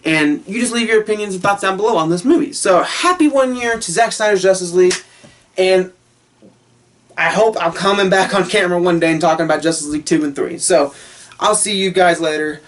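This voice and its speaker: A man's voice: high voice, a little fast. A man vlogging on camera, ranting heatedly and swearing constantly, laughing now and then between his points. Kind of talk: casual rant to camera.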